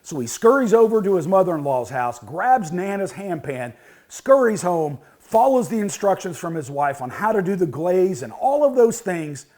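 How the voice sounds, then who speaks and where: A man in his fifties hosts a cooking show, spinning a folksy story for a cooking tip. His voice sits high and swings widely in pitch as he talks. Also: sing-song, moderate pace, darkish tone. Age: 50s.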